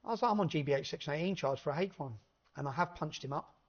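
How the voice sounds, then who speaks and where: A man telling an animated anecdote in casual chat, swearing freely and laughing between lines. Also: fairly high pitch, racing. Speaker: podcast guest. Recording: dull lo-fi recording.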